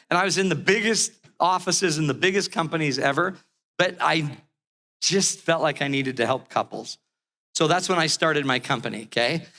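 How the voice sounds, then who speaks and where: A middle-aged man gives a motivational talk on relationships, telling stories with lively, animated delivery. His voice sits high for a man and sounds bright and forceful. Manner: animated storyteller, acts out characters. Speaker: relationship speaker.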